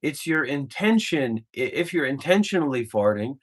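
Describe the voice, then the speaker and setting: A man's voice: mid-range voice, big pitch swings, normal speed. A man giving an informal spiritual talk as a meditation teacher, blunt and profane, and driving his points home with emphatic repetition.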